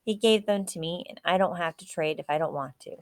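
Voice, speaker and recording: A woman's voice: lowish voice, brisk, no echo, clean studio sound, lightly acted. A woman voicing a cheeky, stubborn little girl who teases in a singsong way, reading a storybook. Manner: singsong taunting.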